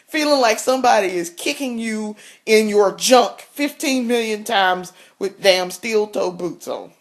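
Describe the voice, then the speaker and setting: A woman vlogger telling a story in a casual, blunt rant, swearing freely and laughing often. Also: medium pitch.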